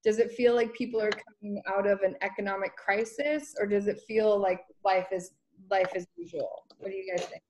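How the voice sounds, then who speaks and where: A woman teacher leading a relaxed discussion with her students, posing questions and drawing them out. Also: medium pitch, normal speed, hardly any pauses, slight background noise. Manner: inquisitive, prompts students with questions. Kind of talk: conversational group discussion with students.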